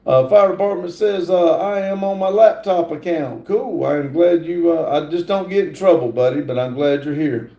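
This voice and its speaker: A man hosting a casual livestream, reading viewer comments aloud in a halting drawl from a garage workshop. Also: a little high, dark tone, echoey room, low-quality recording. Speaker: livestream host reading chat.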